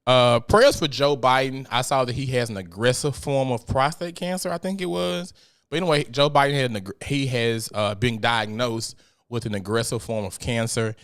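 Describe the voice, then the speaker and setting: A man's voice: medium pitch, moderate pace, fairly bright tone, smooth. A man hosting a casual solo podcast, ranting in a blunt, profane, joking way and sometimes turning mock-preachy. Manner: mock-preachy when addressing God. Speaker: podcast host.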